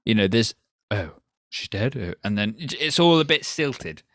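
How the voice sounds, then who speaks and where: A man's voice: mid-range voice, sing-song, normal speed, fairly bright tone, no echo, clean studio sound. A man co-hosting a casual film review podcast, joking, interrupting and slipping into mock posh impressions. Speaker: podcast co-host.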